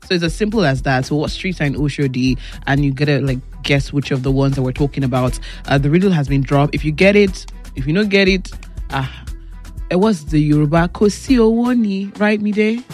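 A woman's voice: low-pitched, fairly quick, a little mellow, soft background music. A Nigerian woman hosting a radio show, bantering playfully with co-hosts and laughing often. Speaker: radio host. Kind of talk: casual on-air banter. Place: radio studio.

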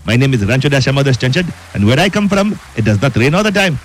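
A man's voice: mid-range voice, big pitch swings, quick pace, lightly acted. Man playing a grandiose comedy caller, stiff and self-important, who speaks in a formal register. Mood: solemn. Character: grandiose male caller who seizes the show.

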